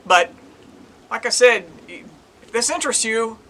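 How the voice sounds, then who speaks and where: A man's voice: very high-pitched, expressive, unhurried, bright, forceful tone, slight background noise, poor audio. An older man, a retired police detective, casually telling a case story in a chatty, rambling way and retelling the dialogue. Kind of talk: casual true-crime storytelling.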